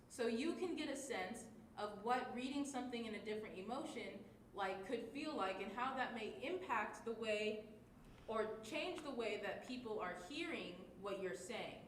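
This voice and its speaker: Woman teacher talking to kids, high voice, slow and patient, echoey room with a little hiss. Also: expressive. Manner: clear, patient teacher talk with many check-ins. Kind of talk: children's lesson video. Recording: echoey room with faint noise.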